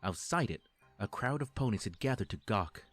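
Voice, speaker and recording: A man's voice: fairly low pitch, expressive, moderate pace, soft background music. A man reading scripted story narration with a wry storybook delivery.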